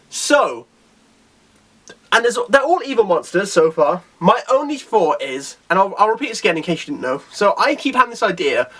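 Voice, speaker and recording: A man talks through a comic chapter in a casual, rambling way, full of restarts and fillers. His voice sits on the high side for a man. He speaks with eager, loose enthusiasm. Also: a bit bright. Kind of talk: casual video review.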